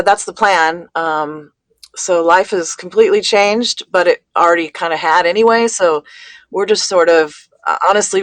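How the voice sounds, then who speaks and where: A woman speaking as a guest in a casual conversation, talking haltingly with many fillers and restarts. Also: lowish voice, a bit bright, no room sound. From California.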